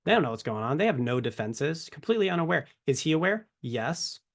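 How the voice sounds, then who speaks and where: A man's voice: a little high, sing-song, brisk. A man giving a casual Bible teaching to camera, conversational and full of rhetorical questions. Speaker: ministry teacher.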